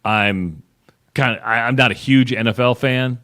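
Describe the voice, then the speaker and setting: A man's voice: medium pitch, moderate pace, fairly bright tone. A man co-hosting a sports radio show, chatting casually and retelling stories with lots of restarts. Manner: rambling storyteller, retells ads with quoted voices.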